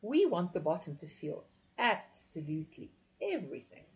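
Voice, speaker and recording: A woman's voice: fairly low pitch, sing-song, normal speed. A woman voicing a sultry, commanding female instructor who gives teasing, authoritative instructions. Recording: dull lo-fi recording.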